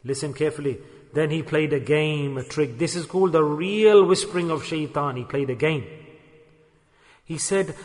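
A man preaching a sermon in a storytelling manner, acting out quoted speech with sudden swings in pitch and loudness. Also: normal speed, big-room sound.

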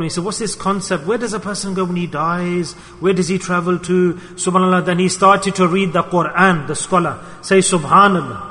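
A man delivers a storytelling sermon, addressing his listeners as brothers and voicing each character's words. His voice sits high and bright. A long reverb hangs on every phrase. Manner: lively storyteller addressing brothers, acting out quotes. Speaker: preacher. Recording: reverberant hall.

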